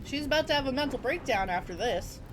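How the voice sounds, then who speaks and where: A woman's voice: high-pitched, expressive, quick pace, slight background noise. A woman chatting casually during a video game playthrough, explaining the story to her co-player. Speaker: game streamer. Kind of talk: casual gameplay commentary.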